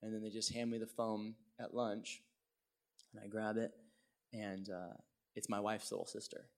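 A middle-aged male pastor telling a personal story in a sermon, swinging from hushed tones to loud exclaims. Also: fairly low pitch, little pitch movement, moderate pace, creaky.

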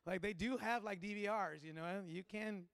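Male pastor preaching, pitched very high, dry close-miked sound, conversational turning fervent. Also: normal speed, gravelly, a bit bright, smooth, no room sound. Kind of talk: sermon.

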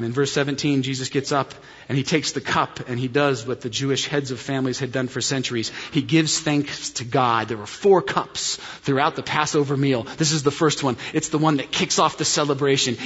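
A man's voice: medium pitch, a bit bright, slightly rough. A man preaching a sermon, explaining scripture with emphatic repetition. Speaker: pastor. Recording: dull sound with long hall reverb.

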